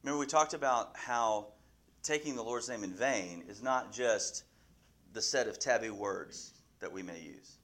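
A man's voice: lowish voice, measured pace, fairly bright tone. Guy teaching a bible class, keeps quizzing the room, restarts his sentences a lot. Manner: asks the class questions, restarts often.

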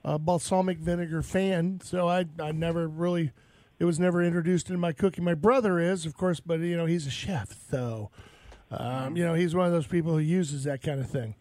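Brief: high-voiced Southern radio host, rambling animated storyteller, dry close sound. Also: male voice, a little fast, no echo. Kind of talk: casual radio chat.

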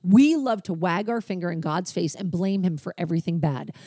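A woman's voice: lowish voice, lively intonation, brisk, mellow, dry recording, studio quality. A woman co-hosting a faith discussion podcast, speaking earnestly and with emotion, often in a preaching tone. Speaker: podcast co-host.

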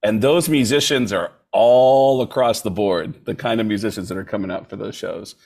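A man's voice: lowish voice, normal speed, creaky. A man, a comedian guest, telling a story in casual chat and acting out quotes in other voices. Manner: animated, acts out quotes in shifting voices.

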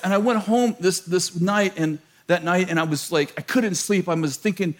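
A middle-aged man preaching a sermon, telling a story in an animated, self-mocking way and laughing often. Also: high-pitched, moderate pace, hardly any pauses.

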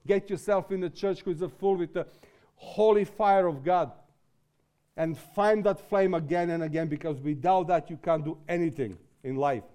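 A man preaching with a fairly high voice, English being a second language for him. He speaks quietly at times, then builds into loud, impassioned exhortation. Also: moderate pace, smooth. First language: not English. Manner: impassioned, rises to shouting exhortation. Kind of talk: sermon.

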